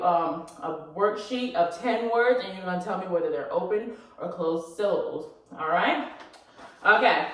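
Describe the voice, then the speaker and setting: A woman teaches a phonics lesson to her class. She talks patiently and checks in often with the students. Her voice rings through an echoey classroom from some distance. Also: mid-range voice. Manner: patient, checks in often with okay and all right. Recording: echoey room, from far off.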